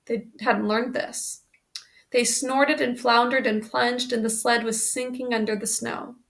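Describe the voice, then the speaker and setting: Lady reading a kids chapter book out loud, gravelly, kinda high voice, stops to explain stuff. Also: level tone. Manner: pauses to explain the story in plain asides. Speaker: reader. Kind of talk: reading a children's book aloud.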